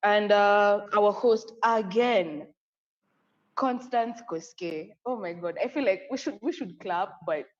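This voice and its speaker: A young woman with a Kenyan accent co-hosting a live online conference, effusive and excitable, often breaking into laughter. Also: medium pitch, takes it slowly. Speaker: conference co-host. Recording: echoey, dull lo-fi audio.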